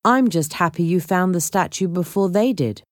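A woman narrator voicing a calm older man, a museum director in a storybook, speaking in a measured, kindly way. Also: lowish voice, no echo, studio quality, natural voice.

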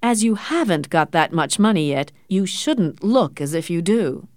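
A stern, sarcastic middle-aged doctor with a dry, measured way of talking, pitched a little lower as a woman reads him in a storybook. His voice rises and falls with lively inflection, and the recording is close and dry. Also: no room sound.

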